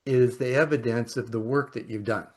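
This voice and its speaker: A man's voice: mid-range voice, fairly even intonation, moderate pace, darkish tone. A man hosting a conversation podcast, musing and often ending thoughts with "right?". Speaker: podcast host. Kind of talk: casual conversation.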